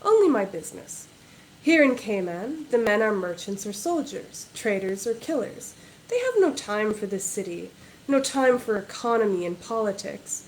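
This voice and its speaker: A woman's voice: medium pitch, sing-song, normal speed, slight background noise, poor audio. Woman reading as a cool, haughty noblewoman. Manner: detached, haughty. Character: cool, commanding noblewoman near forty.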